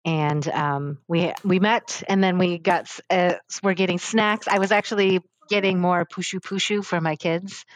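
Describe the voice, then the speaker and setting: A woman's voice: on the low side, fairly even intonation, moderate pace, few pauses, dry recording. A young adult woman guest talking casually in an interview, rambling with many fillers and restarts. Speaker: podcast guest.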